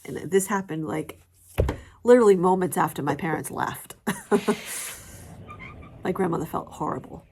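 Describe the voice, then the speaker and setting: A woman's voice: on the low side, fairly quick, darkish tone, a little hiss or hum. A middle-aged woman chatting casually to camera as a vlogger, rambling with fillers and laughing often.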